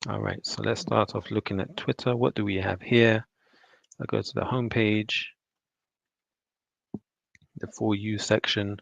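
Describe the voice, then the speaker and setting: A man's voice: fairly low pitch, level tone, unhurried, vocal fry, pauses often, dry recording. A man teaching and then commenting on news clips in a loose, conversational way, with scornful asides. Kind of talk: casual online commentary. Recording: dull lo-fi dry sound.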